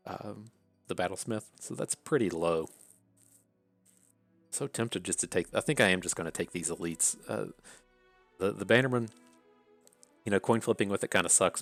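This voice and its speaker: A man's voice: sits low, creaky, fairly bright tone. A man with an Appalachian accent casually thinking aloud through card draft picks, with many fillers and restarts. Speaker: card game content creator.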